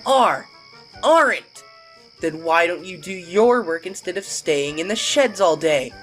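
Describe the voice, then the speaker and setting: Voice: medium pitch, expressive, normal speed, soft background music, pitched above the performer's own voice, lightly acted. A narrator voicing a small, complaining tank engine in a raised, whiny voice, in a toy-train storybook remake. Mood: grumbling. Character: small green tank engine, grumbling and cross.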